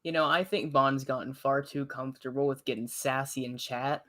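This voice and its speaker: A streamer co-hosting a reaction show, telling stories in an animated, laughing way. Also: mid-range voice, normal speed. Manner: animated storytelling, laughs often, retells others in quotes. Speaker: co-host and streamer. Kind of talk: casual chat.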